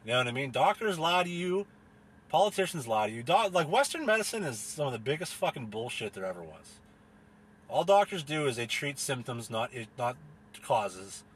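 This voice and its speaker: Husky man ranting with heavy swearing. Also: mid-range voice, sing-song, normal speed, fairly bright tone. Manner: angry, heavy swearing, repetitive emphatic phrasing. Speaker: podcast host. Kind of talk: profane ranting monologue.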